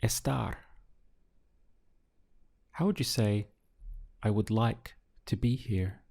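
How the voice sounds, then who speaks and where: Slow, patient male Spanish tutor. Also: fairly low pitch, warm tone. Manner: slow, patient drilling with pauses. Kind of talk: slow audio language lesson.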